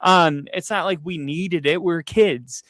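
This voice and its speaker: His voice is a little high and his delivery a little slow as this podcast co-host rambles through a long personal story, animated and full of fillers and asides. The recording is dry and studio quality, made with a close mic on a streaming setup.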